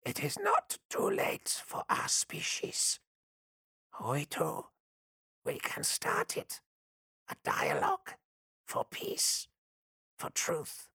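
A man voicing a frail alien diplomat who speaks in a dry, hoarse whisper. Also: very high-pitched, huge pitch swings, slow, long pauses, bright, forceful tone, no room sound, pitched above the performer's own voice, heavily acted. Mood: desperate. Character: frail hissing alien diplomat, desperate and pleading.

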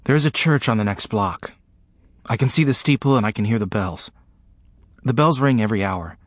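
Male narrator, lowish voice, slow grave memoir reading, dry close sound. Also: no echo. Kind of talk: first-person memoir reading.

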